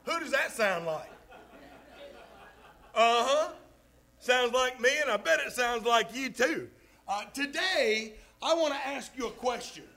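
A man's voice: extremely high pitch, animated, vocal fry, pushed and bright, rough recording. A man preaching a sermon to a congregation, leaning hard on key words. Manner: emphatic, drawn-out stresses on key words.

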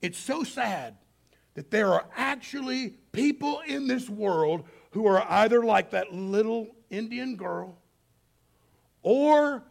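Male preacher, slow and dramatic delivery, loud then hushed. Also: high voice, expressive, vocal fry. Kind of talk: sermon storytelling.

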